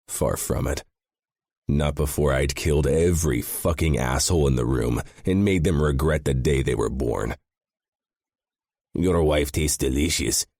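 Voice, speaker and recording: Deep male narrator for a first-person audiobook, grim and intense, very dry close sound. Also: a little mellow, no echo.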